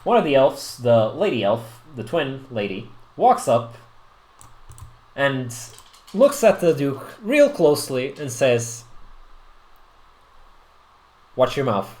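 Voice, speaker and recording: A man's voice: medium pitch, sing-song, slow, darkish tone. A man narrating as the game master of a tabletop game, chatty and often restarting his sentences. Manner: chatty, hesitant, with many restarts. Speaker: dungeon master.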